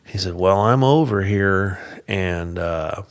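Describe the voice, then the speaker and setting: A man's voice: low-pitched, slow pace. A man guest on a podcast, telling a story in a casual interview, acting out the quoted lines and laughing often. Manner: animated, acts out quoted dialogue in raised voices.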